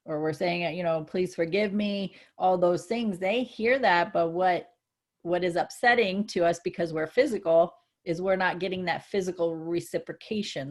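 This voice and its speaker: A woman co-hosting a casual spiritual chat, earnest and reflective, growing excited when she gives examples. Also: fairly low pitch. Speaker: co-host.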